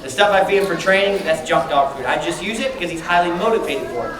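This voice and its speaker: Fast-talking trainer in an echoey hall. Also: medium pitch. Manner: energetic, calls out to the crowd and asks questions. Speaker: animal trainer presenting to a library audience. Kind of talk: lively live presentation to children. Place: large indoor hall with an audience. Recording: echoey hall, distant mic, noisy crowd.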